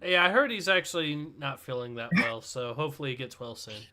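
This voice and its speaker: A man's voice: mid-range voice, lively intonation, brisk, pushed and bright. A man co-hosting a livestream, chatting easily and reading out viewer comments. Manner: easygoing, reads viewer comments aloud. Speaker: livestream co-host. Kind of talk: casual chat.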